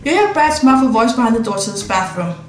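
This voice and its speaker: A woman's voice: a little high, expressive, fast talker, soft background music. A woman streamer reading a visual novel aloud with playful, laughing asides, recorded in an echoey room.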